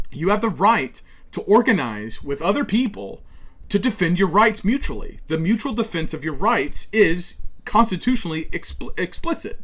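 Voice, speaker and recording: Male host, fairly high-pitched, forceful and preachy delivery with stumbles. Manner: emphatic, preachy, stumbles over words. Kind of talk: political monologue.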